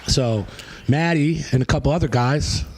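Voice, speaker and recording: A man tells a rambling, profane story on a podcast. He drops into other people's voices as he goes. His pitch sits in the middle for a man. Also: normal speed, breathy edge, poor audio. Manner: animated, profane storytelling with acted-out quotes. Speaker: podcast guest, hardcore singer. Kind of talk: casual storytelling.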